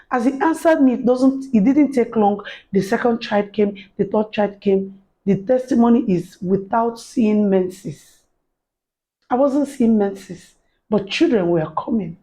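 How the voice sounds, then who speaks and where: A woman's voice: mid-range voice, animated, a little slow, mellow, rough recording. A woman giving an earnest personal faith testimony to camera, acting out the voices of people she quotes. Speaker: faith encouragement speaker.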